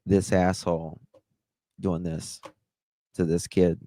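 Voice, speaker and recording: Brief: male live-stream host, lowish voice, very unhurried, dry close sound, impassioned and indignant. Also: level tone, warm tone, no room sound. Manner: impassioned and indignant, stretching words slowly; reads out and thanks chat viewers. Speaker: livestream host. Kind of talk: emotional live-stream commentary.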